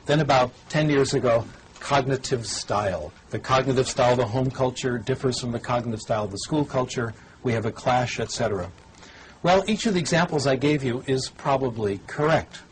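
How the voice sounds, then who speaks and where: A man's voice: mid-range voice, brisk, a little hiss or hum, poor audio. An older man lecturing on language learning to a TV audience, conversational and wry, demonstrating as a teacher. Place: TV studio or lecture room.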